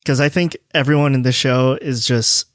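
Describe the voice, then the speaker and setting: A man's voice: medium pitch, steady tone, moderate pace, dry recording, clean studio sound. A man hosting a casual podcast chat, talking loosely with lots of "like" and "you know.". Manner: loose, filler-heavy talk full of "like". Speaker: podcast host.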